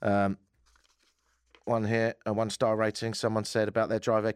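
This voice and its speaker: A man's voice: on the low side, completely flat delivery, normal speed, pauses often, clear, resonant tone, dry recording. Man, casual comic chat, dead dry sound, prone to goofy voices. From Britain. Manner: joking, slips into silly put-on voices. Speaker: podcast host.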